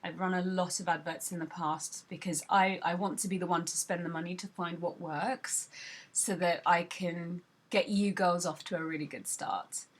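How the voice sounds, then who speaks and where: A woman's voice: fairly low pitch, steady tone, normal speed. A woman who leads a sales team, talking viewers through a screen-recorded tutorial in a chatty, instructive way with a few "um"s. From United Kingdom. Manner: chatty, instructive, stops to think with "um".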